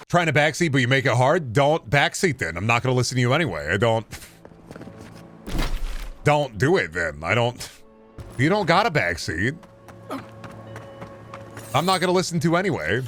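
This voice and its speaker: A man's voice: mid-range voice, lively intonation, moderate pace, long pauses, a bit bright, soft background music. A man streaming a video game, chatting casually and riffing on absurd jokes with plenty of profanity. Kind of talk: casual live-stream chat while gaming.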